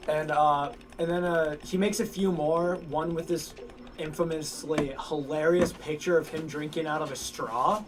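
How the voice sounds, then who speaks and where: A man casually telling a long story to friends, rambling and halting with lots of fillers and restarts. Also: a little high, steady tone, noisy background. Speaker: lore storyteller among friends. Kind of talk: casual chat.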